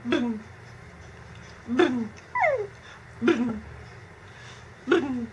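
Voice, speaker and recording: Sing-song woman in high baby talk. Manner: high sing-song coaxing, slow drawn-out words. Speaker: mother. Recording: noisy home video.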